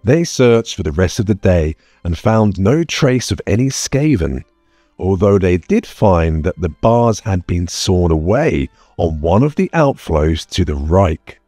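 Deep-voiced male audiobook narrator. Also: very animated, mellow, no room sound. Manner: measured storytelling. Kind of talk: scripted narration. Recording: dry close mic, faint music bed.

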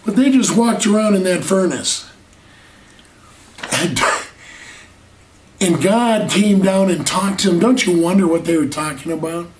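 A man's voice: sits high, measured pace, pauses often, a little mellow, a little hiss or hum. A man preaching a sermon earnestly, stretching out key words and asking rhetorical questions, recorded from a distance in an echoey room. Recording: echoey room, mic far off.

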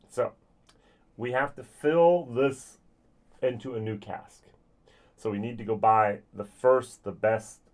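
A man's voice: fairly low pitch, a little mellow. A man giving a casual spoken whisky tasting review, chatty and thinking aloud with frequent ums and restarts. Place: lives in Germany.

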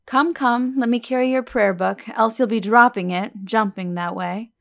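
A woman voicing a gentle, grave aging male weaver with mild, fatherly rustic speech in an audiobook reading. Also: a little high, normal speed, gravelly. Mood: fond, grave.

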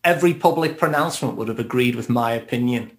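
A reflective man with a Liverpool (Scouse) accent, from Liverpool, England, talks fast in a mid-range voice over a little hiss or hum. He's a therapist guesting on a casual podcast, laughing lightly as he speaks.

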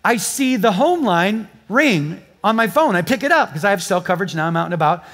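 A pastor preaching a sermon before a congregation, telling a story and joking with the people. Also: male voice, high voice, animated, fairly quick, fairly bright tone. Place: church before a live congregation.

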